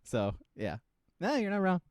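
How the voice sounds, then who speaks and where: A middle-aged man co-hosting a podcast in casual chat, animated, laughing often and swearing freely. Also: high voice, moderate pace, clean tone, no echo. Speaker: podcast co-host.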